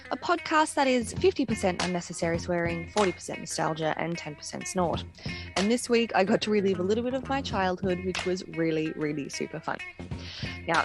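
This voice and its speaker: A chatty, self-mocking woman in her thirties reads a scripted podcast piece. Her voice sits a little low, and music plays clearly behind her throughout. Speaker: podcast host. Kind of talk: scripted segment read to mic.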